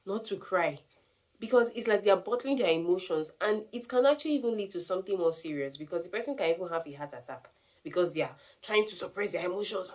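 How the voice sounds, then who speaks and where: A woman, talking earnestly to camera and giving advice on grief. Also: fairly low pitch. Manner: earnest, animated, emphatic. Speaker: vlogger sharing grief advice. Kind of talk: casual talk to camera.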